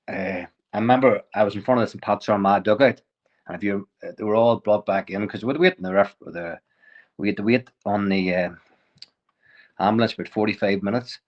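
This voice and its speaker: A man tells a story as a podcast guest, chuckling as he goes and often stopping to restart a sentence. His voice sits fairly low. The recording sounds a little muffled. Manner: lively anecdotal, chuckles often, frequent restarts. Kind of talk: casual storytelling.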